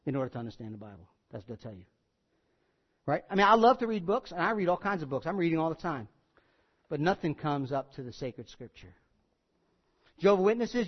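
A man delivers a sermon with a high-pitched voice. He hammers key words, then sinks quiet and low. The sound is muffled and rings with a long hall reverb. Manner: emphatic, building to loud peaks then dropping low. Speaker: pastor.

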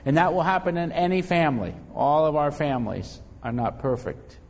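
A man's voice: on the high side, expressive, a little fast, in a large hall. A man preaching a sermon as pastor, talking in a loose conversational way and often repeating words as he finds his phrasing.

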